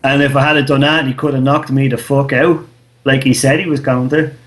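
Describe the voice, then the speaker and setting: A man's voice: medium pitch, little pitch movement, brisk. An Irish man in his thirties, co-hosting a podcast in casual chat, telling a loose, slangy story and swearing freely. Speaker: podcast co-host.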